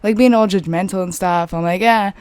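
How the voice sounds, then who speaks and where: A young woman vlogger casually telling a personal story, chatty and animated, full of "like" fillers. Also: lowish voice, a little fast, no room sound.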